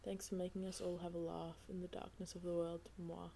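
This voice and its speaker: A woman's voice: fairly low pitch, level tone, a little fast, vocal fry, warm tone, a little hiss or hum. A young woman in her twenties co-hosting a podcast, talking in a laid-back, casual way with lots of swearing and fillers. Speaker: podcast co-host. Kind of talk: casual chat.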